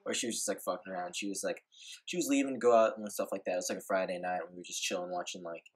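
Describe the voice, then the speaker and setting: Young dude vlogging, husky lowish voice, talks fast, rambling and laid-back with lots of "like". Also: male voice, fairly even intonation. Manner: rambling, laid-back, heavy filler words and swearing. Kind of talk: casual storytelling vlog.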